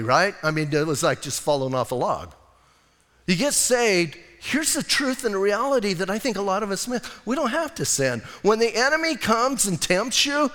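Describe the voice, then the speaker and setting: A male pastor preaching an animated, conversational sermon and acting out bits of dialogue. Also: high-pitched, big-room sound.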